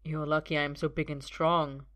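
A woman's voice: deep voice, flat delivery, moderate pace, a bit bright. A woman voicing a fussy, protective young man. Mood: concerned. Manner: concerned, grim and a touch lofty. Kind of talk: audiobook reading.

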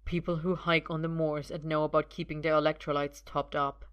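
A woman's voice: low-pitched, flat delivery, brisk, clean tone, muffled recording, close to an everyday voice. A woman reading aloud, voicing a protective young man who is worried, grim and a little lofty. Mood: concerned. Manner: concerned, grim and a touch lofty. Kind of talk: audiobook reading.

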